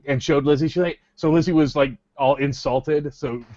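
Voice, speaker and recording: A middle-aged man in casual podcast chat, halting and restarting as he tells family anecdotes. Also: fairly high pitch, steady tone, a little mellow, no room sound. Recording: dull lo-fi podcast audio.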